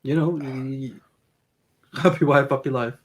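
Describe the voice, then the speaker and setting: A man's voice: mid-range voice, fairly even intonation, unhurried. A young man co-hosting a casual advice podcast, laughing often and stumbling over his words as he teases. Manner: laughs often, stammers and restarts, playful teasing. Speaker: podcast co-host.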